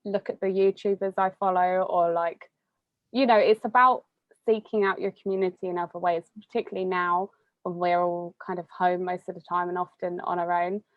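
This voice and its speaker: A woman's voice: on the low side, steady tone, a little fast, no room sound. A young woman talks casually with plenty of fillers and easy laughs. The sound is dry, with no room around it, and slightly dull and muffled. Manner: chatty, laughs often, many fillers. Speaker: interviewee. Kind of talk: casual conversation.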